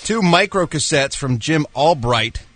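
A man's voice: fairly high pitch, expressive, a little slow, fairly bright tone. A man giving a celebrity gossip segment on a radio show in a chatty, crude, joking way. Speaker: entertainment news reporter.

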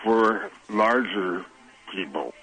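A man playing a breathless, candy-loving fat yoga instructor on a radio call, talking slowly and deadpan. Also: fairly low pitch. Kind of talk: comedy bit on a phone call. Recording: phone line.

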